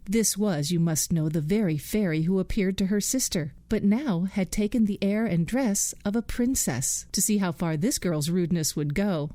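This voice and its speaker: A woman reading a bedtime fairy tale slowly and soothingly. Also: mid-range voice, dark tone, dry recording, clean studio sound. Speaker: bedtime storyteller. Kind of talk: scripted bedtime narration.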